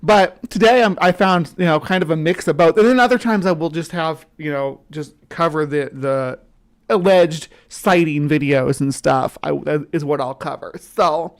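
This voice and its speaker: A woman's voice: sits low, moderate pace. A woman from the central United States hosting a casual livestream, rambling, restarting her sentences and chatting with viewers as she goes. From central United States, between the South and upper Midwest. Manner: rambling, self-interrupting, chats with viewers. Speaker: livestream host. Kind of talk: casual live-stream chat.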